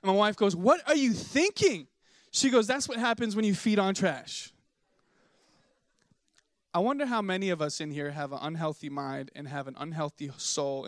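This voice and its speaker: Young male pastor, slightly high voice, dry close sound, animated storyteller in the pulpit. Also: dry recording. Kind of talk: sermon. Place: church sanctuary.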